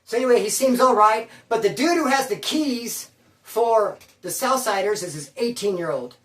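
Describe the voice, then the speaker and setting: A man's voice: sits high, animated, moderate pace, fairly bright tone, far from the mic. A man telling his own prison story in casual first person, full of street slang and calling the listener bro. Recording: roomy sound, away from the mic.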